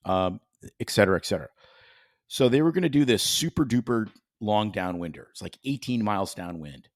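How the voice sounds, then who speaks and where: A man co-hosting a casual podcast, animated and profane, breaking into mock accents now and then. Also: fairly low pitch, no echo, clean studio sound. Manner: animated, swears freely, does mock accents. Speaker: podcast co-host, physician. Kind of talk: casual chat.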